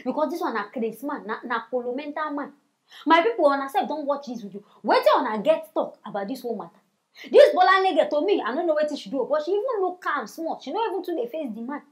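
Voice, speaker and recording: Animated Nigerian woman gossip host. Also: high voice, fast. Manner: animated, mocking, scolding. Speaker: news show host. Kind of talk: comic celebrity gossip commentary.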